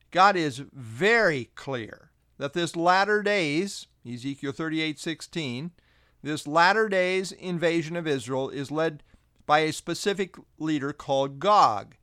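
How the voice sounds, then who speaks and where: A man giving a scripted Bible teaching, deliberate and emphatic, slowing down to stress key phrases. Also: on the high side, a bit bright, smooth, no echo, studio quality.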